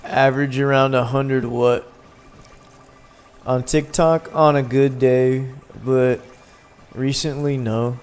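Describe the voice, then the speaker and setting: There's a little hiss or hum behind this man's medium-pitched voice, which stays fairly even, slow and full of pauses. He's the host of a casual gaming livestream, talking loosely with viewers in a laid-back manner while playing.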